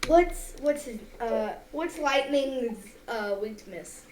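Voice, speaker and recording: A woman playing a tabletop game, eager and full of quick questions. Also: high-pitched, animated, a little mellow, slight background noise. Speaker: player. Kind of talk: tabletop game play, casual chat.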